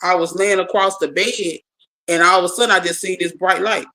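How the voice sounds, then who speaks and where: Telling a personal story to a small group, a speaker talks casually and animatedly, repeating and restarting words and acting out the dialogue. The voice is mid-range and a little fast, on a low-quality recording.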